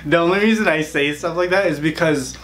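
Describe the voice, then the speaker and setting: A man's voice: on the high side, fairly quick, a bit bright. A man hosting a casual YouTube interview, playful and laughing often. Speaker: YouTuber host.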